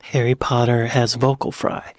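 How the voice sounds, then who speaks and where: A man voicing a teenage wizard boy who talks like a valley girl, with a Californian valley girl accent and vocal fry. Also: mid-range voice, flat delivery, normal speed, no room sound, studio quality, natural voice. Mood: airy.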